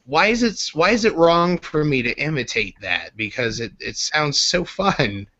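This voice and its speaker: A man's voice: on the high side, very animated, normal speed, sharp tone. A man hosting a casual online group chat, rambling and joking with many fillers. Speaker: podcast host. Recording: slightly muffled with faint hiss.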